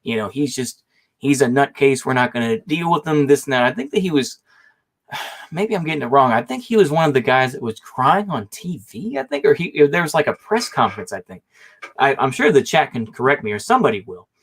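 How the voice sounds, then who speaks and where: A man's voice: medium pitch, big pitch swings, a little fast, fairly bright tone, slightly rough. Guy rambling thru his debate points, lots of hedging and trailing off. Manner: rambling and hesitant, hedging often. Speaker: debate guest. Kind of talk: online political debate.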